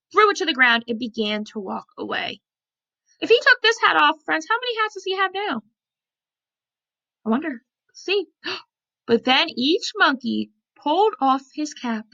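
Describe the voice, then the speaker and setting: A woman preschool teacher reading a picture book aloud to young children, animated and often asking them questions, on a computer mic. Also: sits high, moderate pace, vocal fry. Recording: lo-fi computer recording.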